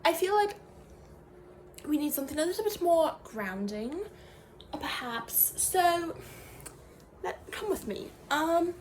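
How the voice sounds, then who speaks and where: A young woman plays a pompous fake academic giving a nonsense meditation lesson, rambling through fillers and half-finished sentences. The voice sits high, and a faint hum of noise runs underneath. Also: big pitch swings, slow, pauses often, exaggerated voice. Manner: mock-serious, rambling, trailing off with fillers. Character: self-serious fake female professor teaching meditation. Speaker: comedy creator. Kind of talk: improvised comedy sketch.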